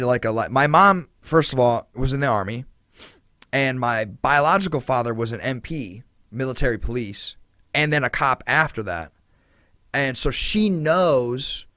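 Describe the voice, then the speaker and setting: A man's voice: medium pitch, fairly bright tone, dry recording, studio quality. A man hosting a podcast, telling a story in casual chat with a lot of fillers, indignant and swearing freely. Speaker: podcast host.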